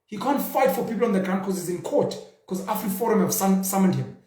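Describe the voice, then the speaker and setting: A man's voice: sits high, expressive, a little fast, mellow. A young South African man hosting his own show, speaking in a passionate, rhetorical way with mocking asides. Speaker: show host. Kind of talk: casual commentary monologue. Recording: roomy echo.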